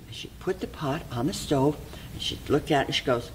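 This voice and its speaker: A library volunteer telling a fairy tale aloud in an expressive way, sometimes dropping to a soft whisper. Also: mid-range voice, moderate pace, a little hiss or hum, poor audio.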